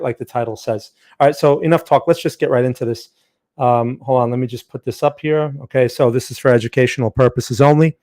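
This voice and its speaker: A man's voice: medium pitch, a little mellow. A man hosting a live trading stream, chatting casually, greeting viewers by name, with frequent fillers and restarts.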